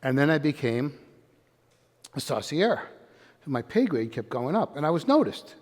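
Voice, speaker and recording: An older man giving an energetic live motivational talk, quizzing and calling out to his audience in a room. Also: a little high, a little slow. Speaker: motivational speaker. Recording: long hall reverb.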